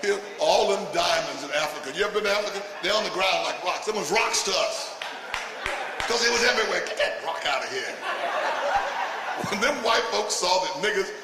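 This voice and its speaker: This comedian's high, fast voice comes through a distant mic as he does a punchy stand-up set, laughing along with his lines and poking fun at the audience. The hall is echoey and alive with crowd noise.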